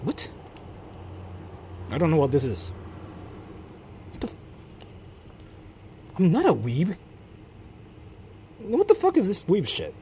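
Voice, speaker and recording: A male streamer, out of doors in a city at night, talking in loud, profane, mocking bursts and switching between English and Japanese, recorded on a handheld mic while he walks. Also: sits high, wildly swooping pitch, takes it slowly, pauses often, slight background noise. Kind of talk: casual live-stream chatter.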